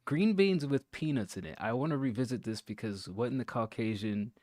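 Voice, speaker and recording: A man's voice: medium pitch, animated, a little fast, darkish tone, dry recording, clean studio sound. A man co-hosting a casual podcast chat, asking wry, teasing questions. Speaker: podcast co-host.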